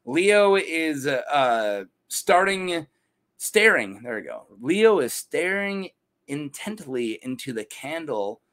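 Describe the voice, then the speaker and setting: A man casually retelling fantasy lore as a channel host, jokey and animated, laughing at his own asides. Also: a little high, takes it slowly.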